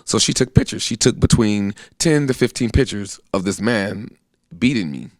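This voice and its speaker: The speaker, a guest, is an American army veteran in his thirties who earnestly relates his own story in plainspoken conversation and acts out the voices he quotes. He talks at a normal speed in a lowish voice, on a dry recording with clean studio sound.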